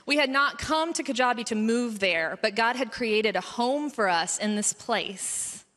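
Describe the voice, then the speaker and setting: A woman in her thirties gives a heartfelt testimony at a conference, speaking in a fairly high, bright voice. She tells her story with earnest feeling, and her voice lifts when the emotion builds. Long reverb from the large hall trails behind each phrase. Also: expressive, measured pace. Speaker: pediatrician speaking at a mission conference. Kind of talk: personal testimony talk.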